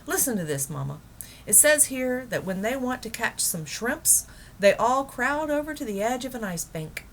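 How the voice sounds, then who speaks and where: A woman reads a children's book aloud, voicing an eager, dreamy middle-aged man who is enthusiastic about penguins, so she sounds enthusiastic and wondering. Her voice is a little high, pitched above her own, very animated and at a moderate pace. There's a little hiss or hum.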